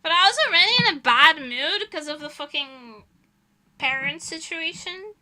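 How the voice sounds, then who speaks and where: Young woman streamer rambling through a story, high voice, super bright and sharp. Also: moderate pace. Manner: chatty storytelling, laughing often, dramatic retellings. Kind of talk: casual chat while doing nail art.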